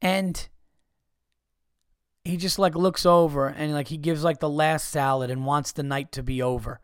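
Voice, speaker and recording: Brief: profane, exasperated man ranting on a podcast, bit high-pitched. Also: steady tone, a little slow, smooth, dry recording, studio quality. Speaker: podcast host. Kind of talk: comic storytelling rant.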